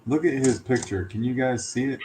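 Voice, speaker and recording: A man's voice: medium pitch, moderate pace, noisy background. A man co-hosting a livestream in casual chat, easygoing and teasing, reading out viewer comments. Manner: easygoing, teasing, laughs often.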